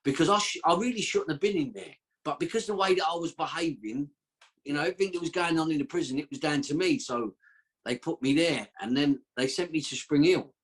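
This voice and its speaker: A man, his voice husky and set a touch high for a man. He tells his story in a rambling, slangy, streetwise way, with the feel of a podcast guest chatting casually. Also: fairly quick.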